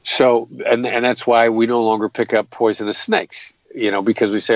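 A man's voice: mid-range voice, little pitch movement, moderate pace, hardly any pauses, no echo, muffled recording. A man explaining negotiation tactics in an interview, earnest and methodical, often restarting his sentences. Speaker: guest, hostage negotiator.

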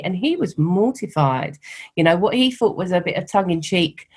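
A middle-aged woman with a softened London Cockney accent, talking candidly as an interview guest and telling stories with animation. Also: lowish voice, fairly quick, husky. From East London, England. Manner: candid, animated storytelling with laughs. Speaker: guest, founder of a women's network. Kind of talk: conversational interview.

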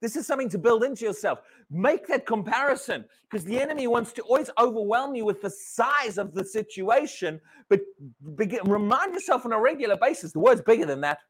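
A man from Britain preaching a sermon, animated, repeating words and asking his congregation questions. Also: very high-pitched, fairly quick, slightly rough. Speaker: pastor.

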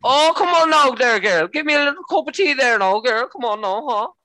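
A man's voice: very high voice, lively intonation, normal speed, pushed and bright, no room sound, voice pushed up, full character voice. A man putting on a cocky, taunting young male Irish friend with a sing-song lilt.

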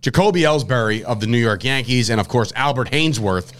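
Man with lively pitch, rambling sports talk. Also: a little fast. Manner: rambling, animated, self-interrupting. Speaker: podcast host. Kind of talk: casual sports chat.

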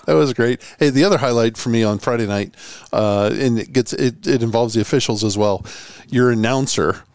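A man hosting a podcast, chatting in a wry and easy way and chuckling often. His voice sits at a middle pitch and sounds dry and close to the mic. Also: moderate pace, darkish tone, smooth, dry recording. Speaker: podcast host. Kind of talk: casual chat.

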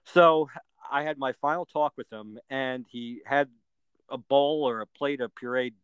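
A man's voice: mid-range voice, measured pace, fairly bright tone, clean tone, dry recording, highs cut off. A middle-aged man, a podcast guest, telling a personal story earnestly and plainly, step by step, with everyday fillers.

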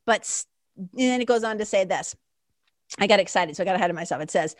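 A woman giving a casual spiritual talk, talking fast and reading passages slowly. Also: medium pitch, dry recording, studio quality. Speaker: spiritual teacher.

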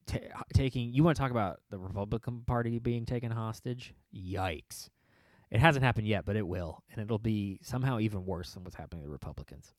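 Man, podcast host, low-ish voice, dry close sound, rambling, sarcastic, laughs a lot. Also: fairly quick, no room sound. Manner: mocking put-on quoted voices. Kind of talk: casual chat.

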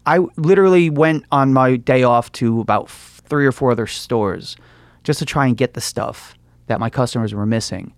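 A young man tells his stories in a relaxed, chatty way, slipping into other people's voices as he quotes them and laughing along as he goes. The voice sits at an ordinary pitch for a man. The recording is dry and close, with no room sound. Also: moderate pace, no echo. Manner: chatty storyteller, acts out quotes, laughs often. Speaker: comic book store owner. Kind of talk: casual interview conversation.

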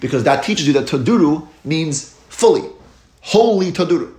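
A man giving a Talmud lecture, explaining each step in a steady teaching cadence and lifting his voice on key terms. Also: on the high side, moderate pace. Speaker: Torah teacher. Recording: echoey room.

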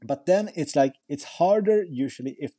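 Podcast guest: young man, mellow low-key voice, dry close sound, loose rambling delivery. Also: animated, moderate pace, breathy edge, no echo. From Sweden. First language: Swedish. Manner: rambling, many fillers and restarts. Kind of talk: casual chat.

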